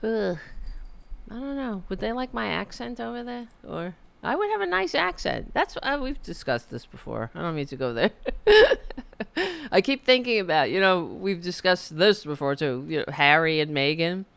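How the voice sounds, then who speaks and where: A woman's voice: fairly low pitch, sing-song, normal speed, creaky, fairly bright tone, dry recording. A middle-aged woman hosting a live political stream, ranting in a heated, profane, rambling way with frequent restarts. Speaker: political commentary host.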